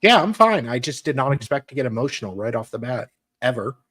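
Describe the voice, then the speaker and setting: A man's voice: mid-range voice, very animated, fast talker, fairly bright tone, breathy edge, dry recording, clean studio sound. An Australian man co-hosting a casual live stream, sardonic and mocking. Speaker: co-host.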